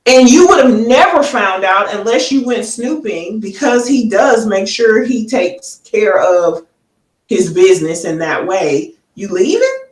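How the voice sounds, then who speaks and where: A woman's voice: medium pitch, unhurried. A woman on a talk show panel, blunt and persistent, building long hypothetical scenarios. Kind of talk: casual panel debate. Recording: roomy sound, mic far off.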